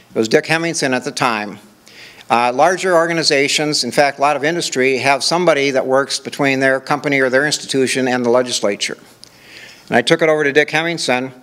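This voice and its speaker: A man's voice: medium pitch, a bit bright, clean tone. Older man giving a conference talk. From Minnesota. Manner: conversational, walks through examples with rhetorical questions and "okay?". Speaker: conference speaker. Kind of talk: conference presentation.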